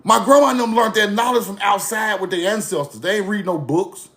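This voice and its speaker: A man holds forth to his online audience in a high-pitched voice with a rough, gravelly edge. He is blunt and profane, mocks the people he is talking about, and circles back to the same lines again and again. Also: brisk, a bit bright. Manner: blunt, profane, mocking, repetitive. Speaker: online commentator. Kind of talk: casual rant to camera.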